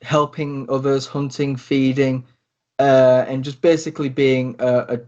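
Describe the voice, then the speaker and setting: A man narrating a tabletop role-play as game master, rambling with many pauses and restarts. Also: medium pitch, little pitch movement, darkish tone. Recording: dull lo-fi recording.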